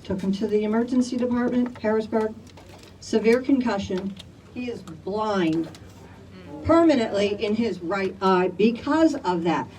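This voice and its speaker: A woman's voice: mid-range voice, expressive, unhurried, darkish tone, far from the mic, a little hiss or hum, rough recording. An older woman from Chicago, speaking emphatically to a crowd at an outdoor community rally. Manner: emphatic, rallies the crowd with "all right?". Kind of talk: impassioned public testimony.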